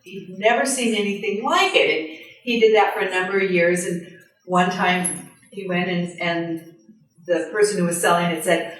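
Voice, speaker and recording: A woman's voice: lowish voice, moderate pace. Echoey far-off woman telling stories. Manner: lively storyteller who acts out other people's lines with laughs. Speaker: former temporary caretaker. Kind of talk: anecdotal storytelling to a small group. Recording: very echoey room, mic far off.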